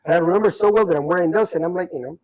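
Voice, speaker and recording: A middle-aged man telling stories from his life in a casual chat, animated and repeating himself as he acts out what people said. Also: high-pitched, very fast, rough recording. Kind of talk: casual storytelling.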